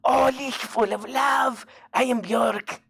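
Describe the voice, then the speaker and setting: A man putting on a gruff, accented older male philosopher who talks in a halting, blunt, insulting way. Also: a little high, sing-song, fairly bright tone, a little hiss or hum, full character voice. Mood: pompous.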